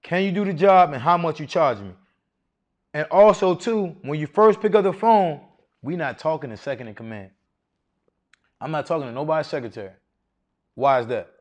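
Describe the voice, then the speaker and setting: Male speaker, middle-aged, slightly high voice, preacherly seminar coach who quizzes the room. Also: moderate pace, long pauses, dull audio. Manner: animated, preacherly, quizzing the crowd with questions. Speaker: masterclass speaker on federal contracting. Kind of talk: live seminar talk to an audience.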